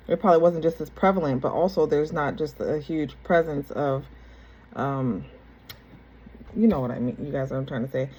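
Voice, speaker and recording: With a very deep, dark-toned voice, a young adult woman casually shares a personal story with her viewers, wandering along, repeating things and restarting sentences. The recording is low quality, with slight background noise.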